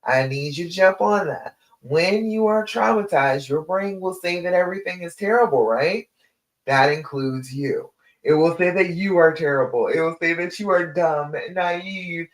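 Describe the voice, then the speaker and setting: A woman's voice: lowish voice, normal speed, poor audio. A woman relationship coach speaking to viewers on a livestream, encouraging them and walking through steps in lists, calling the listener honey. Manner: instructive, repeats steps and lists.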